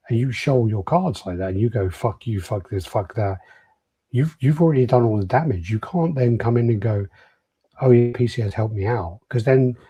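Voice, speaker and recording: A man's voice: medium pitch, dark tone, breathy edge, no room sound. A man co-hosting a casual podcast who reasons aloud, often restarting and repeating words. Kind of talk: casual chat.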